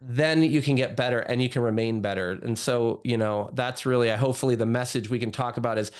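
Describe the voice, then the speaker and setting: Male guest doctor, casual rambling storyteller, average pitch. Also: fairly quick. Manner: chatty, lots of "like" and "you know".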